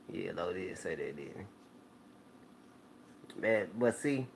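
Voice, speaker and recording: A man with a very low voice hosts his own video channel and chats straight to his viewers. He rambles loosely through stories, full of slang and restarts. A faint hiss of noise sits under the recording. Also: creaky. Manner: laid-back, rambling storytelling with slang. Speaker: YouTube channel host. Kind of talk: casual talk to viewers.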